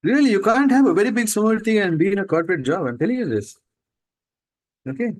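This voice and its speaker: A man's voice: sits high, expressive, a little mellow, low-quality recording. A man giving a spiritual talk to students, emphatic and full of rhetorical questions. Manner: mocks people with quick put-on voices. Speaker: spiritual teacher.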